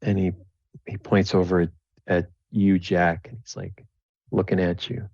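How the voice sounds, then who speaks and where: A man's voice: low-pitched, flat delivery, a little slow, darkish tone, no echo, muffled recording. A man narrating as game master of a tabletop game, rambling and repeating words as he goes.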